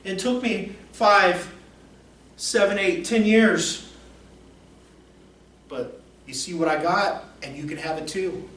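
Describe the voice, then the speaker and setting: A man's voice: high voice, steady tone, slow, long pauses, a bit bright, voice pushed up. A man playing a seasoned army sergeant who encourages a young recruit, earnest and emphatic, repeating himself. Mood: encouraging. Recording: roomy echo, distant mic, faint noise.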